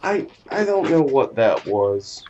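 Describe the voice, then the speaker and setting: A man's voice: mid-range voice, very animated, slow pace, warm tone, lo-fi sound, slight background noise. A man casually talking through a card game on a live stream, laid-back and easily amused, with casual swearing.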